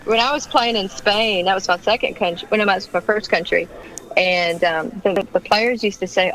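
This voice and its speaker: A woman's voice: mid-range voice, moderate pace, fairly bright tone, low-quality recording. A middle-aged woman basketball coach with a Southern accent, chatting and laughing as a radio guest.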